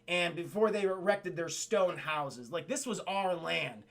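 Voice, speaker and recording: A man's voice: a little high, a little slow, a bit bright. A man doing an indignant female gargoyle. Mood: resentful. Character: tense, resentful female gargoyle warrior.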